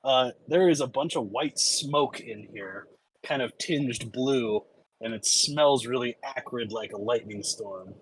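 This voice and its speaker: A man narrating a tabletop game as its game master, in a relaxed, casual way. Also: medium pitch, unhurried, slight background noise, low-quality recording.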